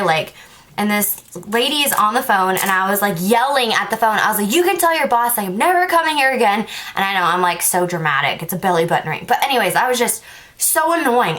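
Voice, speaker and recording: A woman's voice: mid-range voice, a bit bright. A young woman vlogger telling a story in a casual monologue, filling it with "like" and acting out both sides of the conversations. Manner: chatty, says "like" a lot, acts out both sides of conversations.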